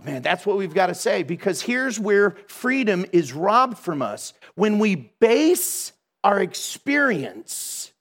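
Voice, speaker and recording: Middle-aged guy preaching, kinda high voice, super animated and chatty, laughs at himself. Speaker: Christian speaker. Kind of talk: storytelling sermon.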